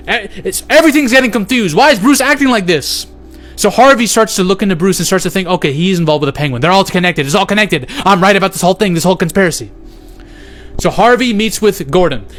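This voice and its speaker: A young man with a slightly high voice runs through a speculative story in a loose, swearing, offhand way. He jumps in and out of paraphrased character lines as he goes. Faint music sits quietly beneath him. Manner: loose, profane, acts out quotes in paraphrase. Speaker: movie speculation YouTuber. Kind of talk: casual plot-theory retelling.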